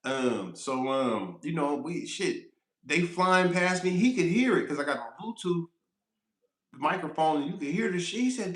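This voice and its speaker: Profane, animated trucker telling road stories. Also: male voice, on the high side, normal speed, echoey room. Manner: animated, profane, laughing storyteller. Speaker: truck driver. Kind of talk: casual storytelling livestream.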